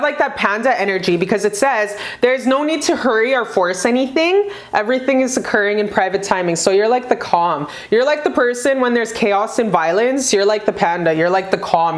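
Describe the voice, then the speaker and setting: A woman giving a casual pick-a-card tarot reading, gushing and profane, with bursts of high excitement. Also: normal speed, few pauses.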